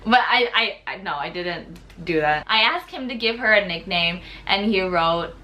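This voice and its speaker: Bright, chatty young woman vlogger. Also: on the low side, normal speed. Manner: chatty and excitable, lots of "like". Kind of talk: casual storytime vlog.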